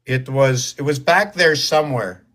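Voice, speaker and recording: A man's voice: medium pitch, unhurried, a bit bright. A man giving a rambling solo monologue to camera, wandering between thoughts with restarts and asides, and at times coaxing his cat. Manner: wandering, stream-of-consciousness, frequent restarts and asides. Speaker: video creator.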